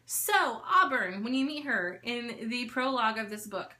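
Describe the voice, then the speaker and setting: A young woman talks straight to the camera about a book she has read, in a casual, candid review. Her voice sits a little high and has a bright, forward edge. She chats freely and fills her sentences with little fillers. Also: expressive, measured pace. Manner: chatty, lots of "like" fillers, candid. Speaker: book vlogger.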